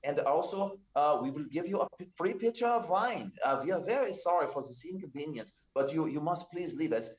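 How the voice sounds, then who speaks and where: Man doing a high stammering hostess woman, apologetic, pleading, echoey room. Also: animated, brisk, hardly any pauses, close to an everyday voice. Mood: flustered. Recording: roomy echo.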